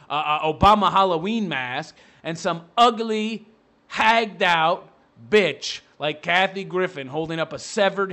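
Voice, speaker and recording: A man's voice: sits high, a bit bright. A man giving a profane, sarcastic rant as a commentary vlogger, mocking the person he is reacting to.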